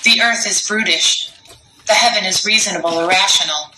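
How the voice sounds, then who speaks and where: Female reader, very bright tone, echoey room, faint hiss behind. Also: mid-range voice, normal speed. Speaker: reader of the text. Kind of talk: reading a text aloud.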